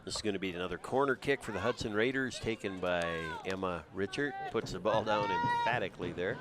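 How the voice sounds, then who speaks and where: Low-voiced man calling a soccer match. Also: fairly quick. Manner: steady, conversational, with frequent uh fillers. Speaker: play-by-play commentator. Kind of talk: live sports commentary. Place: outdoors at a high school soccer field. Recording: crowd noise in the background. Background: crowd noise.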